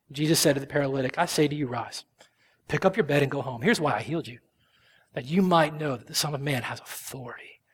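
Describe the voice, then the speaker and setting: Guy preaching a sermon, husky and slightly high, gets loud then drops to a whisper. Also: in a large hall. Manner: impassioned preaching, swinging from loud emphasis to hushed whispers. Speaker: pastor.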